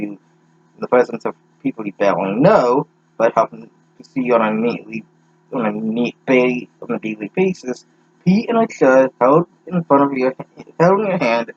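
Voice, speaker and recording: Young man, sarcastic reader, stumbling delivery, husky voice, dry lo-fi sound. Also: mid-range voice, no room sound. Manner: sarcastic, stumbling over words. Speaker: reader mocking a fanfic. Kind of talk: comedic reading with profane asides.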